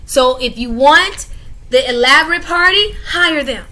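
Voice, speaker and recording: A woman hosting a panel chat, emphatic and lively, talking casually and laughing often. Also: high voice, measured pace. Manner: talks in a casual conversational way. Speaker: host.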